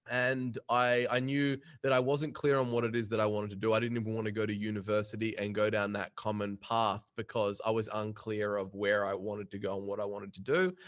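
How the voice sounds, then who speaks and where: A man, a podcast guest telling punchy, energetic stories about his career in sales. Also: on the low side. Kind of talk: casual storytelling interview.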